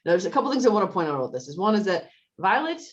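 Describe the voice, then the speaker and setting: A woman co-hosting a casual chat about a TV show, telling the story with lots of laughs and jumping high when she quotes characters. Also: sing-song, racing, lo-fi sound. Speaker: podcast co-host.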